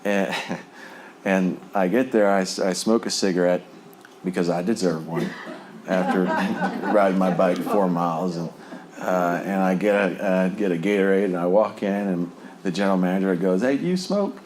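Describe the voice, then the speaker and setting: A man from New Jersey tells his recovery testimony in a rambling personal story, full of fillers and frequent chuckles. His voice is low and darkish with a flat delivery at normal speed, and there's slight background noise.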